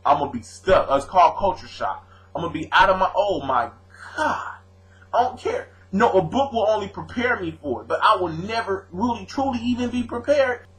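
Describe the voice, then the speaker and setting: A man's voice: high-pitched, fairly quick, poor audio. A young adult man from the US West Coast, talking straight to his viewers in a slangy, argumentative vlog rant. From born in Louisiana, raised on the US West Coast. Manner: animated, argumentative, slangy, addresses viewers directly. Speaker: vlogger answering his commenters. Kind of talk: casual argumentative video rant.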